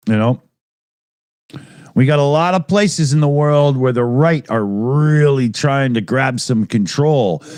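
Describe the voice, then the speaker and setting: A man with a slightly high voice, talking loosely and cursing freely as he reads viewer messages on a live stream. The sound is dry and close, with no room around it. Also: darkish tone, dry recording. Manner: rambling, loose, profane, laughs often. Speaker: podcast co-host reading super chats. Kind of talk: casual live-stream chat.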